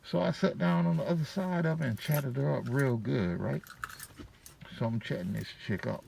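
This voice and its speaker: A man's voice: mid-range voice, normal speed, vocal fry, darkish tone, a little hiss or hum. A man telling a casual personal story to his viewers, slangy and profane with a laid-back delivery. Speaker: vlogger.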